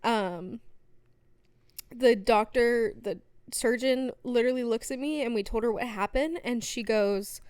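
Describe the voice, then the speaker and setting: A young adult woman, a podcast guest, telling stories in casual chat, animated and laughing often, with lots of fillers. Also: a little high, unhurried, smooth, dry recording.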